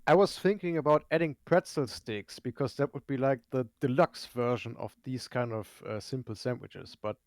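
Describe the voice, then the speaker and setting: A man's voice: medium pitch, moderate pace, hardly any pauses, darkish tone, no echo. A man from Germany, a guest on a casual live stream, explaining things at length with dry humor.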